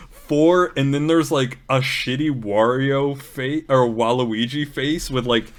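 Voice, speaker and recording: A man's voice: mid-range voice, slow pace. A man narrating as game master in a tabletop role-playing game, telling scenes loosely with plenty of ums and likes. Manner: loose, filler-heavy retelling with many ums and likes.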